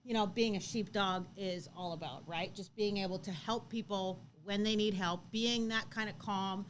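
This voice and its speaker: A woman in her thirties co-hosting a casual live chat, telling a story with lively acted-out quotes and frequent laughter. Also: medium pitch, moderate pace, a little hiss or hum. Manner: animated storytelling, acts out quotes, laughs often. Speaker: co-host.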